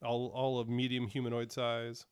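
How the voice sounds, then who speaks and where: A man's voice: medium pitch, monotone, moderate pace, a little mellow, clear, resonant tone, no echo. Game master, man, casual hesitant narration, dry close sound. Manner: casual, hesitant, many fillers.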